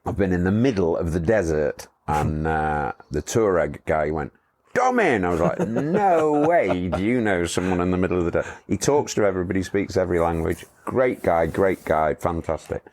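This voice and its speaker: A man's voice: low-pitched, lively intonation, moderate pace, hardly any pauses, darkish tone. A middle-aged man, a motorcycle tour company owner, telling rambling anecdotes in a casual interview, chuckling as he goes.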